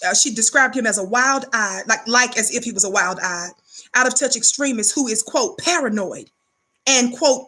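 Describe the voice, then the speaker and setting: A woman speaks in a high, bright, forceful voice. She delivers impassioned commentary like a preacher, indignant and calling on her listeners to answer back. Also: normal speed, slightly rough. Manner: preachy, indignant, call-and-response.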